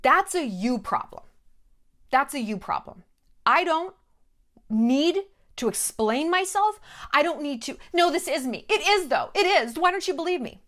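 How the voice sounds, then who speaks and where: A woman vlogger talks straight to camera with a fairly high voice that swoops up and down a great deal. She is blunt and emphatic, swears without a second thought, and drives each point home with short, punchy repeats. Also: animated, a little slow, a bit bright. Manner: blunt, emphatic and freely profane. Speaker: vlogger host. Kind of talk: direct-to-camera monologue.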